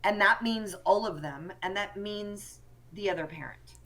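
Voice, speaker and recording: A woman speaks as a podcast guest, a co-parenting coach laying out her ideas with earnest care. Her voice is bright and forward, at an ordinary pitch for a woman. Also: unhurried. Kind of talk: conversational interview.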